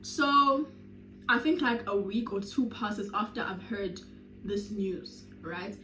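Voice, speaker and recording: A South African woman in her twenties telling a storytime vlog with animated, dramatic delivery and sudden loud bursts. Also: mid-range voice, slow, a little hiss or hum. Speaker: YouTuber. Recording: roomy echo.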